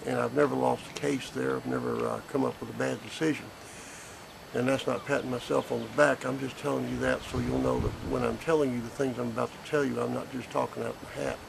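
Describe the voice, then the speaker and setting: A man's voice: medium pitch, flat delivery, brisk, creaky, noisy background. A man, a grandfather speaking bluntly and indignantly in a recorded statement. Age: 50s. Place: porch outdoors.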